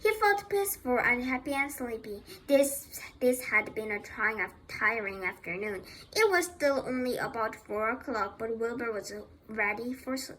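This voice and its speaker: A woman's voice: on the high side, expressive, fairly bright tone, slight background noise, low-quality recording. A woman reading a children's novel aloud, with slips that she corrects as she goes. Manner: reads slowly with slips and self-corrections. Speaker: reader.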